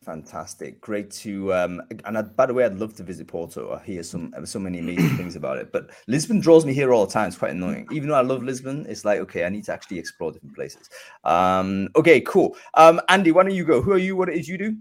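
A man hosting a live online show, chatty and filled with ums and uhs, talking from a room by a bright window. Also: lowish voice, big pitch swings, fast talker. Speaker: host.

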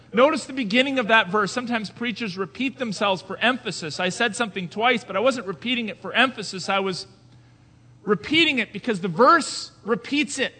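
Preaching in a large hall, a man with a high-pitched voice keeps a moderate pace. His sermon shifts between hushed conversational remarks and loud emphatic proclamations, punctuated by rhetorical questions to the congregation.

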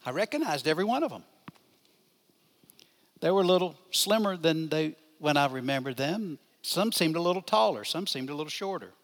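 Older male pastor, conversational Bible teacher, high voice, long reverberant hall. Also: animated, fairly quick. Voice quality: asks the listeners questions and responds to them.

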